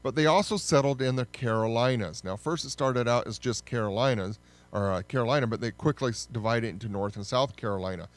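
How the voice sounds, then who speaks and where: A man giving a casual, conversational history lesson, often pausing to correct himself. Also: mid-range voice. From United States. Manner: conversational, with frequent fillers and self-corrections. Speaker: history teacher.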